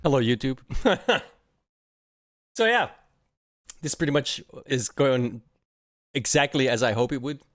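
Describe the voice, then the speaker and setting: A man's voice: mid-range voice, sing-song, measured pace, long pauses, a bit bright. A young man streaming casual reaction commentary, mocking and swearing, often breaking into laughter.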